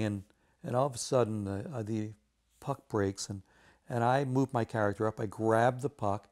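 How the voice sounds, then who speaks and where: A man, a video game artist telling a lively story in a casual interview, acting out the voices of the people in it. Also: medium pitch. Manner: animated anecdote telling with quoted voices.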